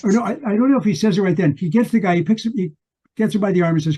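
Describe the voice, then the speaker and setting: A man's voice: high-pitched, rapid-fire, warm tone, husky. An older man co-hosting a book podcast, retelling a story in a rambling way with many restarts. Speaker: podcast co-host. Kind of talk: casual book discussion.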